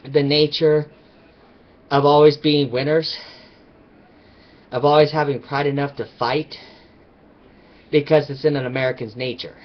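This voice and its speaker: Emphatic man ranting on a lo-fi mic. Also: on the high side. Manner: emphatic, rambling. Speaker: vlogger. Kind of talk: casual opinion rant to camera.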